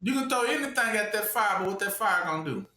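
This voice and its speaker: A male preacher delivers a sermon with a high, bright voice, firing questions for his listeners to answer. He talks with steady emphasis. The room rings with echo. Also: quick pace, slight background noise. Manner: call-and-response questioning, emphatic.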